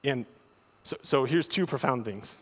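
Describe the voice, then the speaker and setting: A man preaching a sermon, often repeating words as he starts a thought, with animated delivery. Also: medium pitch, unhurried. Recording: long hall reverb.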